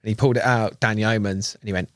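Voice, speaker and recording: A young English man tells a fishing story in casual podcast chat, excitable and quick to swear. He acts out quotes loudly. The room sounds dry, with no echo. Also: on the low side. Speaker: guest angler.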